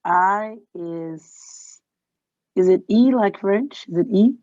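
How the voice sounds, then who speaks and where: A woman's voice: medium pitch, slow pace, dark tone, no echo, highs cut off. A woman taking part in a language lesson, hesitantly trying out sounds. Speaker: lesson participant.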